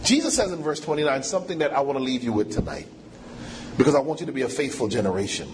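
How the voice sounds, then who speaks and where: A man's voice: medium pitch, animated, quick pace, slight background noise. A man preaching a sermon, emphatic and repetitive, drawing call-and-response from the congregation.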